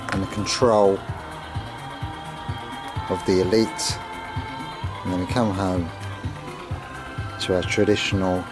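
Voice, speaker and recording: A man filming a casual video tour of his home kitchen and garden, talking in a meandering way with many pauses and fillers. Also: sits low. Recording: music clearly behind the voice.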